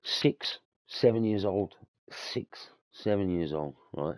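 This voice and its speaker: A young man with a low-pitched voice speaks slowly on a dry recording. He's a podcast host telling stories in casual chat, laughing often, swearing freely, and tossing around slang like "mate" and "bruv."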